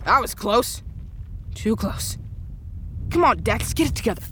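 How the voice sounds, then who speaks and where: A woman voicing a cocky young male superhero who insists on fighting alone, shouting out his own sound effects. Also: on the high side, animated, a little slow, very noisy. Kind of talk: family audio drama acting.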